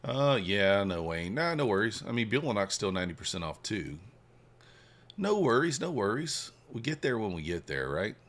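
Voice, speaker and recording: A man with a low voice that swings widely and animatedly in pitch, chatting casually with his livestream viewers from a home trading setup. He hypes people up with loud shout-outs, then drops into quiet mumbling about his trades. It sounds loose, unscripted and friendly, like someone talking into a desk microphone. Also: fairly quick, few pauses. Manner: hypes viewers, reads chat aloud, shifts from excited shouts to mumbling. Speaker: livestream host, futures trader.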